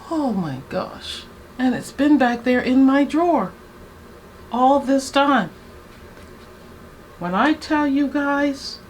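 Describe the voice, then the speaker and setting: Woman, 60s, beauty vlogger. Unhurried, gushing get-ready-with-me chat, light background hiss. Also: sits high. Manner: chatty, excitable, talks to viewers as "guys".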